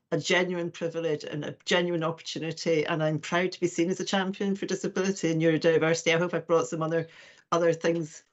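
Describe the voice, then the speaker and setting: Woman board member, emotional, halting thanks, muffled stream audio. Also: fairly low pitch. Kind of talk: formal meeting reply.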